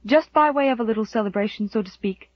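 Woman reading as an older housekeeper, bustling and eager, raised high, loud, breathy, dull recording. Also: quick pace, dry recording, close to an everyday voice. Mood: brisk. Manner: eager, bustling, repeats terms of address.

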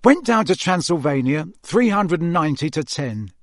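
A man's voice: on the high side, big pitch swings, normal speed, no room sound, clean studio sound. A man reading an audiobook who voices a blunt young man talking sport in short, gloomy remarks.

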